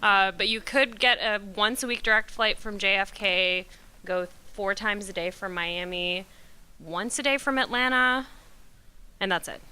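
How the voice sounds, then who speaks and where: A young woman from Curaçao gives a relaxed slide presentation, chatty and self-deprecating, with plenty of ums and side remarks. Her voice is bright and smooth, with a clean, clear tone. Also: medium pitch, a little slow. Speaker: presenter at a company talk.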